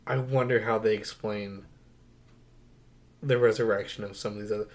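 A young man co-hosting a casual movie review podcast, telling scenes in an animated, incredulous way with frequent laughs. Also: lowish voice, normal speed, noisy background. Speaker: podcast co-host.

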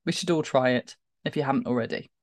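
A woman's voice: very deep voice, fast talker, no echo, clean studio sound. A woman co-hosting a podcast, chatting casually in a wry, teasing way. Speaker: podcast co-host. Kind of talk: casual chat.

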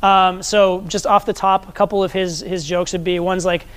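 A man's voice: sits high, little pitch movement, normal speed, clear, resonant tone. A man teaching a live seminar as a social skills coach, talking conversationally and often checking in with the audience.

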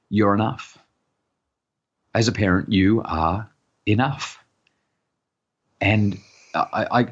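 A husky, low-voiced middle-aged man speaks earnestly as a parenting expert on a podcast. He stumbles and repeats a word or two as each thought begins. The recording is dull and lo-fi. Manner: earnest, repeats words when starting sentences. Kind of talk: podcast interview.

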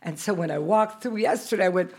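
An older woman and choreographer, telling animated stories in a live interview and acting out the dialogue. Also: on the low side, brisk. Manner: animated storyteller acting out dialogue, laughing often. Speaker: choreographer guest. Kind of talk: live podcast interview storytelling. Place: live at a dance festival.

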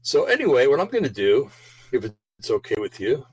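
A man's voice: mid-range voice, huge pitch swings, brisk, breathy edge, no room sound, poor audio. A man hosting a show in a casual, rambling monologue, full of fillers and restarts, and slightly out of breath. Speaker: show host.

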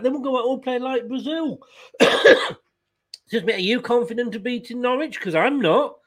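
A man hosting a fan post-match review, blunt and frustrated, swearing about his team's loss. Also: very high-pitched. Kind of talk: casual chat.

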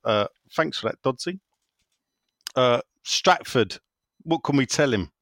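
Lively jokey podcast host, man. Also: mid-range voice, measured pace, no room sound. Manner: jokey, rambling, reads listener messages with banter. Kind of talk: casual podcast chat.

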